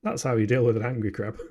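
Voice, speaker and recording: A gaming streamer from England with a Yorkshire accent gives jokey, chatty live let's-play commentary, answering chat questions as he plays. His mid-range voice is warm with a breathy edge.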